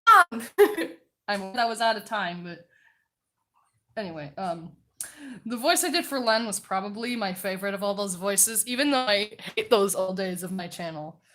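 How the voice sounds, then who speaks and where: A woman streamer chatting casually while she draws, naturally loud, chatty and self-mocking, laughing often. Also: mid-range voice, normal speed.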